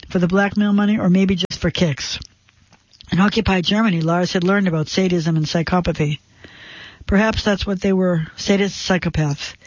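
Male narrator, higher register, tense measured read for suspense fiction, dry muffled studio sound. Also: dry recording. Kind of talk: scripted narration of a suspense story.

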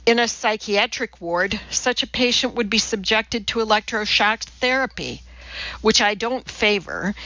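A woman's voice: mid-range voice, sharp tone, no echo, muffled recording. A woman voicing an earnest, precise female TV cooking chemist who lectures in a matter-of-fact way, in an audiobook reading.

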